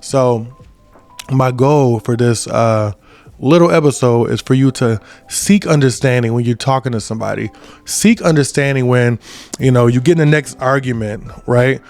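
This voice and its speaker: A man's voice: mid-range voice, normal speed, darkish tone, faint music behind. A man in his twenties giving a casual motivational talk as a podcast host, often checking in with "right?". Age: 20s. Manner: conversational, repeats "right?" often.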